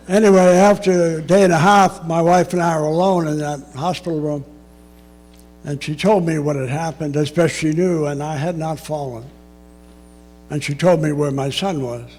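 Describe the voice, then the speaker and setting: An older man speaks in a measured, reflective way, slipping in the occasional dry aside. His voice sits a little higher than most men's, with faint music underneath. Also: a little mellow. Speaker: public speaker. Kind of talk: personal storytelling talk.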